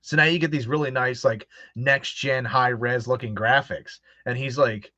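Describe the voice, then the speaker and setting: A man's voice: medium pitch, fairly even intonation, moderate pace, few pauses, pushed and bright, dry recording. A man hosting a casual chat, telling stories animatedly and acting out quoted voices, with frequent laughs. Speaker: host. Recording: dull lo-fi dry sound.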